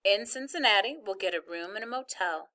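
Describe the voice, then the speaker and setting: A woman reading a novel aloud, voicing an organized mother who lays out plans in a steady, matter-of-fact way. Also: mid-range voice, brisk. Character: organized, practical mother explaining trip plans.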